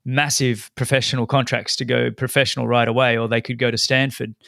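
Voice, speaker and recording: A man's voice: medium pitch, level tone, fairly quick, gravelly, a bit bright, no echo, studio quality. An Australian man hosting a podcast interview, chatty and encouraging. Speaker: podcast host. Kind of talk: conversational interview.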